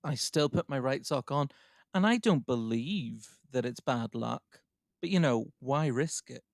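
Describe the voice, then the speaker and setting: A man's voice: medium pitch, expressive, a little slow, creaky, no echo. A man hosts a podcast in a dry, close-miked studio sound. His casual chat is wry and self-mocking, and he laughs often. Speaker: podcast host.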